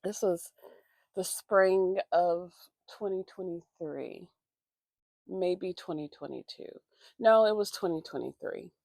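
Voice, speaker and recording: Woman, vlogger, raspy with vocal fry, profane rambling storytelling, casual chat, dry close sound. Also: on the low side, takes it slowly, darkish tone, no echo. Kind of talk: casual storytime while getting ready. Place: at home getting ready for work.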